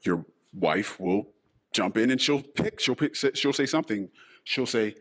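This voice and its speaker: Deep-voiced man in a disguised voice. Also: animated, a bit bright. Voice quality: deliberately disguised voice. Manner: emotional, halting and sighing. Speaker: podcast host. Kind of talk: personal monologue podcast.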